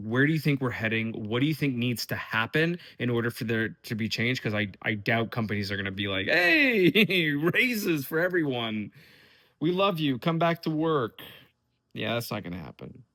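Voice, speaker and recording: A young man talks straight to his viewers in an unscripted, rambling vlog. His voice sits at an ordinary middle pitch, and he sounds fed up, cursing casually and tripping over restarts as he thinks aloud. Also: quick pace, fairly bright tone. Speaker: vlogger.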